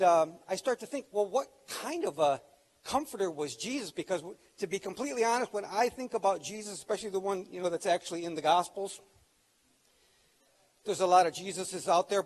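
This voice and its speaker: Man, middle-aged, pastor, sermon, high-pitched voice, conversational preaching. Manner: conversational preaching, rises in pitch and volume on quoted scripture.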